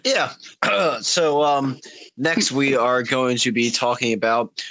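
A man's voice: mid-range voice, takes it slowly, bright, forceful tone, poor audio. A man hosting a podcast, casually introducing the next segment. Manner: laid-back, directs the segment. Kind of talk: casual chat.

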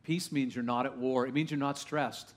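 Animated male preacher peppering his congregation with questions. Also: mid-range voice, moderate pace. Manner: swings from hushed asides to loud, rising exclamations. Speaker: pastor. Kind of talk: sermon. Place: church sanctuary with a live congregation.

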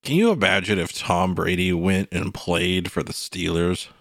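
A man co-hosting a sports podcast, talking in a rambling, animated way full of "you know" and "like". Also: low-pitched, normal speed, no room sound, studio quality. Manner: animated, slips into mock quotes. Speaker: podcast co-host. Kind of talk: casual sports chat.

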